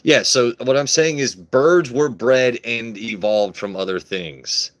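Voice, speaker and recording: A man's voice: mid-range voice, slow pace. A young man hosting a casual whiskey livestream, joking crudely and answering his chat as he pours.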